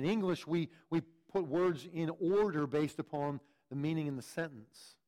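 Brief: male pastor, sermon delivery, somewhat high-pitched, earnest, self-correcting repeats. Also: a little mellow. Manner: earnest teaching tone with frequent repeated words and restarts.

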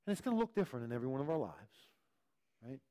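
A man's voice: mid-range voice, big pitch swings, rapid-fire, dark tone. A man preaching a sermon, teaching in an earnest way and often repeating words as he restarts. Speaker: pastor.

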